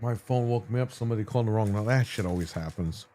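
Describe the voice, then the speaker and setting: A man's voice: on the low side, racing, mellow, slight background noise. A man streaming a video game and chatting casually, telling profane stories and ranting about annoyances.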